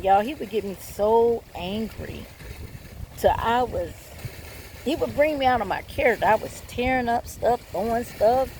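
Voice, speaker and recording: Blunt, candid woman with a higher voice. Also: a little mellow, slight background noise. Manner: blunt and candid, swears, keeps addressing viewers. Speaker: vlogger giving relationship advice. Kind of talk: personal storytelling and advice to viewers.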